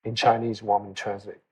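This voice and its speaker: A man's voice: fairly low pitch, fairly even intonation, moderate pace, fairly bright tone, husky, poor audio. A man teaching a meditation class in a conversational way, often checking in with his listeners and repeating phrases for emphasis. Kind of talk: dharma talk to a class.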